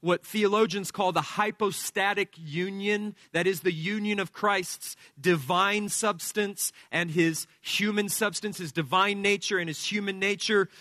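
A male pastor preaching an expository sermon, explaining scripture verse by verse in a deliberate teaching manner. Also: sits high, fairly even intonation, sharp tone, dry recording, studio quality.

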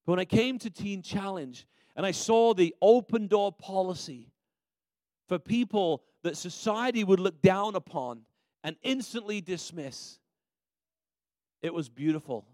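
A man's voice: high voice, expressive, unhurried, a little mellow, no echo. A man preaching a sermon as a minister, telling a story in a conversational way with frequent restarts.

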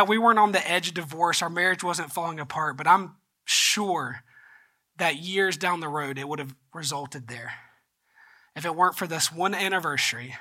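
A male pastor delivers a sermon with a bright, ringing tone. He tells a personal story, often dropping to a soft, choked-up voice before rising into earnest exhortation. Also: a little high.

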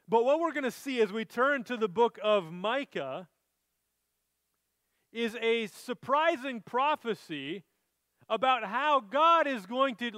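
Man, high-pitched, earnest preaching, scripture reading, dry sound. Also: pushed and bright, dry recording. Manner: earnest, reads scripture aloud then explains it. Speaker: pastor. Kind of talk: sermon.

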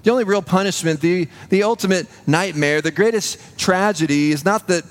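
A man preaching a sermon in a church, earnest and building to a hushed intensity on key points. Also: high voice, normal speed. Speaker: pastor.

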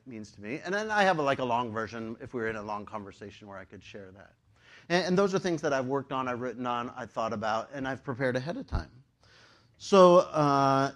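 A man preaching a sermon to his congregation in a conversational, animated way, with frequent fillers. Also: mid-range voice. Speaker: pastor.

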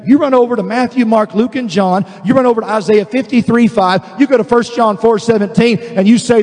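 High-voiced man preaching in a reverberant hall. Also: a little fast, hardly any pauses. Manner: animated, acts out quoted voices, builds to emphatic declarations. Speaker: pastor. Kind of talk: sermon.

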